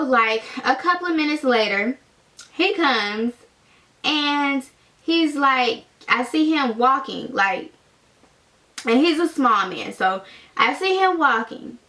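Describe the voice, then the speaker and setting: A young woman telling a story in a chatty, animated vlog style, full of fillers. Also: high voice. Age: young adult. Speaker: vlogger.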